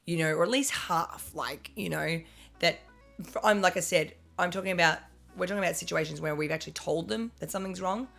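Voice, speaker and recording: Low, gravelly woman chatting on a stream. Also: fairly quick, fairly bright tone, faint music behind. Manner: rambling, restarts and swears while making a point. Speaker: co-host of a live stream. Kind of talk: casual chat on a live stream.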